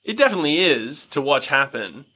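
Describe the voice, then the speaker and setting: A man with a bright, slightly high voice rambles through a movie recap, full of fillers. He keeps jumping into high-pitched impressions of the characters. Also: sing-song, brisk, breathy edge. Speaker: podcast co-host. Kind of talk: casual movie recap chat.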